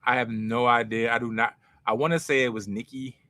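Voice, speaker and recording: A man's voice: medium pitch, steady tone, a little fast, sharp tone, dry recording. A young man from North Philadelphia with a Philadelphia accent, telling stories in a casual, self-mocking way with street slang as a podcast host. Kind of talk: casual storytelling to a live chat.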